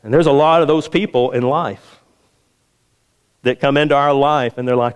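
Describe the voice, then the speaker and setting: A man's voice: medium pitch, steady tone, normal speed, pauses often, smooth, highs cut off. Man preaching in a reverberant sanctuary. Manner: folksy storytelling with repeated phrases. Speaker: pastor. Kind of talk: sermon. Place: church sanctuary. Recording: long hall reverb.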